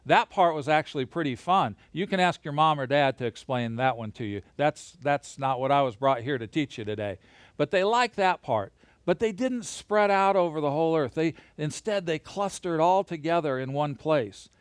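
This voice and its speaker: A man teaching a Bible lesson to children and families, lively and encouraging, guiding them through hand motions as he talks alone into a camera. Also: fairly high pitch, moderate pace, smooth, no room sound. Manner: lively, gesture-led, encouraging.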